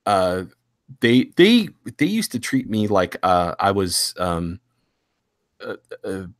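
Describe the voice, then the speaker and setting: A man earnestly recounting a personal memory in casual talk, halting and restarting often. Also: low-pitched, very animated, dry recording, clean studio sound.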